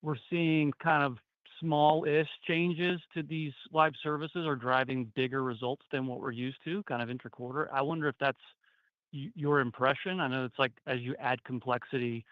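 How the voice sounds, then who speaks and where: A male analyst poses a long, winding question, restarting phrases often. His voice is mid-pitched. It comes through a muffled, dry phone connection. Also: fairly even intonation, moderate pace, no echo. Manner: rambling, many restarts. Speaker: financial analyst asking questions. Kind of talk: earnings call question.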